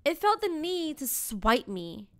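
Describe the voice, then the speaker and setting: A woman co-hosting a podcast, telling stories in a casual, animated way with frequent swearing and laughter. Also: high voice, takes it slowly, no room sound, studio quality. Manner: animated storytelling, swears freely, laughs often. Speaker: podcast co-host. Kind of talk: casual chat.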